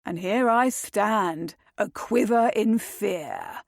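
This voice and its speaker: Mocking young duke, drawling, slow, dry, a woman doing the voice. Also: medium pitch, gravelly, no room sound. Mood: teasing. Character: teasing aristocratic young male duke.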